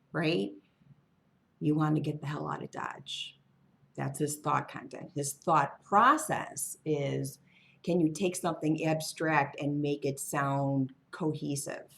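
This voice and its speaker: Slow, low-voiced woman reading tarot. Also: creaky, a bit bright, a little hiss or hum. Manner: musing, wandering, offhand asides. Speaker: tarot reader. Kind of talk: casual tarot reading monologue.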